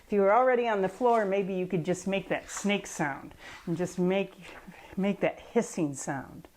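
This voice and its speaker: A woman's voice: medium pitch, moderate pace, a little mellow. A woman reading a picture book aloud and coaching children through yoga poses in a patient, encouraging way. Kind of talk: storybook reading with kids' yoga instruction.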